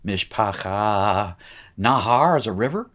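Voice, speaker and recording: A man's voice: on the low side, expressive, takes it slowly, fairly bright tone. A man teaching a recorded language lesson in a chatty, informal way, with joking asides. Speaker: Hebrew teacher. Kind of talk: recorded lecture.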